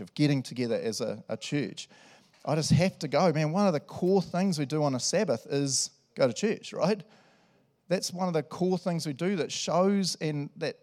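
Chatty New preacher saying "eh?". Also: male voice, medium pitch, a little mellow. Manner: chatty and enthusiastic, with lots of asides and "eh?". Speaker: pastor. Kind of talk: sermon. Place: church service.

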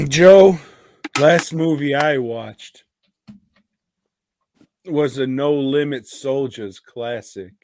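A man's voice: a little high, drawn-out words, creaky, pauses often, a little mellow. A man co-hosting a podcast in casual chat, rambling and teasing with crude language. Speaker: podcast co-host.

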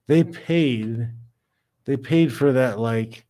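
A man's voice: mid-range voice, extremely slow, dark tone. Ranting man on a livestream. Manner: blunt, ranting, swears freely. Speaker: livestream host reading chat. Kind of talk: casual ranting livestream talk.

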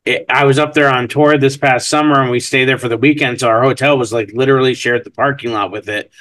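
A man chats on a podcast in an offhand, easygoing way. He speaks at a middle pitch and recounts a trip in short, clipped bits. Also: fairly even intonation, quick pace, a bit bright. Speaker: podcast co-host. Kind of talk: casual podcast chat.

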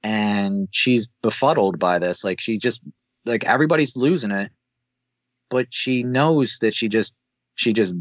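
A man co-hosting a podcast, recapping a TV episode in a rambling way with many filler pauses over a video call. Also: on the low side, dry recording. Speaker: podcast co-host. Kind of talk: casual chat recapping a TV episode. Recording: dull dry call audio.

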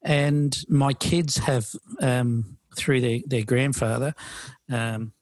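Slow and steady, a middle-aged man co-hosts a podcast in a medium pitch with no room sound. He chats casually and meanders, leaning heavily on fillers and frequent restarts.

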